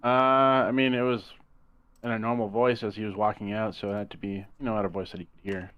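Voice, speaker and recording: Male player, rambling, casual, low voice, lo-fi dull recording. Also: level tone, brisk, clean tone, no room sound. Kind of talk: casual chat. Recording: dull lo-fi sound.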